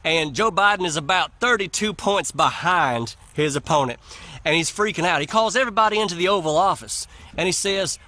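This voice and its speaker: A man spins a comic joke as a folksy storyteller. His voice is high-pitched and bright, with a lively bounce. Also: fairly quick. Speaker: comedian storyteller.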